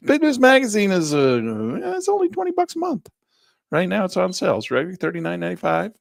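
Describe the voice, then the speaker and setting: Male trading instructor, gravelly, lively delivery, close dry mic. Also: sits high, fast talker, dry recording. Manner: chatty, animated, jumps between topics. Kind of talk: live online trading class.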